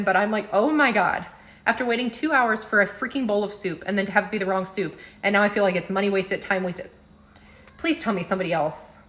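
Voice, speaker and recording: A woman's voice: medium pitch, a bit bright. Frustrated woman venting. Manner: frustrated, rambling. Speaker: TikTok poster venting. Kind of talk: casual venting to camera.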